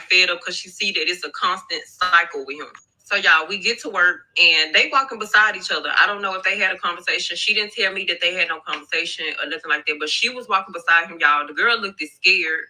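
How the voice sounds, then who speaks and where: A woman's voice: lowish voice, pushed and bright, poor audio. A woman telling a storytime to her followers, chatty, slangy and profane, often repeating herself. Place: at her workplace.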